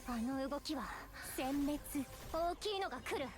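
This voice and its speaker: Game gunner girl: high, quick, clipped battle calls over loud music. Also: expressive. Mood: focused. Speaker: game character combat voice lines.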